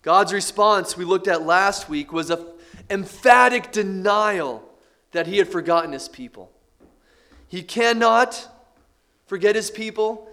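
Male pastor, sermon delivery, higher register, slow emphatic phrasing. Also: fairly bright tone. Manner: preaching, drawn-out emphatic phrases.

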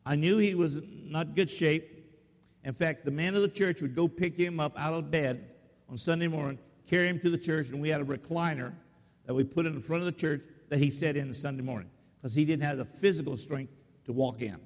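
In a long, echoing hall reverb, a male pastor tells a story during his sermon in a folksy, conversational way, often asking his listeners questions. His voice sits on the high side and moves a little fast.

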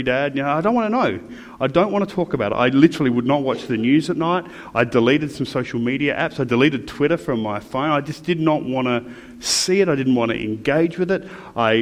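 Halting middle-aged man, echoey hall. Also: mid-range voice. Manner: halting, with many ums and restarts. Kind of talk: reflective personal talk.

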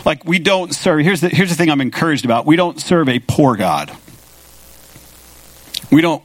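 A man's voice: on the high side, no echo. A man preaching a sermon as pastor, talking casually and with animation, paraphrasing scripture in an everyday voice.

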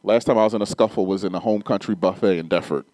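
A man's voice: low voice, fast, warm tone, no room sound. A middle-aged man preaching a sermon, telling a personal story casually and then building to emphatic, rising preaching.

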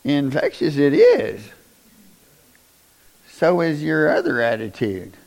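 A man preaching a conversational sermon, often asking the congregation questions and rising to loud, emphatic bursts. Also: fairly high pitch, huge pitch swings, slow, creaky. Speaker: pastor.

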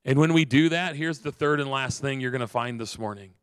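A man pastor giving an earnest sermon, repeating phrases and slowing down for emphasis. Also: medium pitch, clean tone, no room sound.

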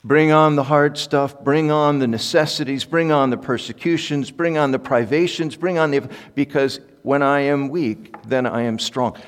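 A man preaching a sermon as pastor, swinging from soft, quiet asides to loud, impassioned peaks. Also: fairly high pitch, steady tone, moderate pace, hardly any pauses. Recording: echoey hall with long reverb.

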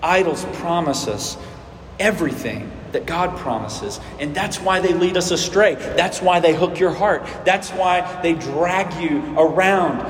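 A man delivers a sermon in a relaxed, conversational way, tossing rhetorical questions at his listeners and restarting phrases as he goes. His voice sits a little high for a man. The sound is roomy, with a long reverb tail from the church hall. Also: a little slow, slight background noise. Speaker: pastor.

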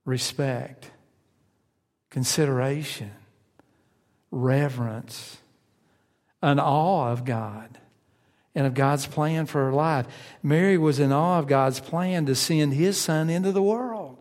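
A man's voice: on the high side, takes it slowly, pauses often, darkish tone, big-room sound. A man preaching a sermon in a conversational way, asking his listeners questions and acting out their inner voices.

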